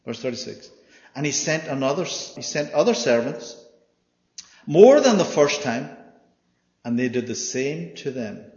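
A man preaching a sermon and reading scripture aloud. He often asks the congregation questions and swings between loud and quiet. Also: medium pitch, big pitch swings, measured pace, pauses often. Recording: echoey hall, dull sound.

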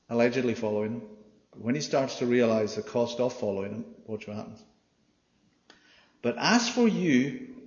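A man preaching a sermon in an animated way, swinging from loud to hushed, acting out the quoted voices and asking the room "yeah?". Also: medium pitch. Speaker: pastor. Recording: dull, echoey hall recording.

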